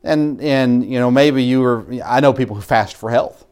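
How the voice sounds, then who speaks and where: A man's voice: mid-range voice, moderate pace, darkish tone, clear, resonant tone. A man preaching a sermon as pastor, talking in a loose, conversational way with asides, restarts and small laughs. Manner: conversational, self-interrupting, laughs at own asides.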